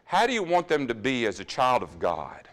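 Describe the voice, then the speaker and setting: A man preaching a sermon in a church, earnestly putting question after question to the congregation and dropping to quiet asides now and then. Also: medium pitch, huge pitch swings, normal speed. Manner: drops to quiet asides about running over time.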